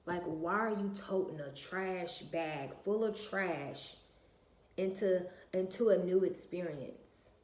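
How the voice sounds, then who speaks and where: A woman's voice: lowish voice, takes it slowly, a little mellow. A woman, venting bluntly and profanely to her viewers in a casual rant. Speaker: vlogger. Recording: echoey room.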